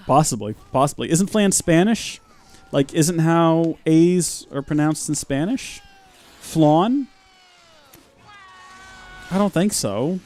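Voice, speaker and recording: A young man streaming a video game live, chatting and joking with his audience as he plays, with sudden bursts of mock shouting. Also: a little high, measured pace, long pauses, no room sound. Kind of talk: live gameplay commentary.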